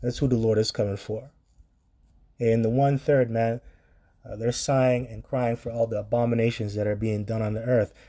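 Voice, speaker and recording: A man's voice: mid-range voice, little pitch movement, moderate pace, warm tone. A man preaching on scripture in a blunt, profane commentary style, reading verses aloud and reacting to them.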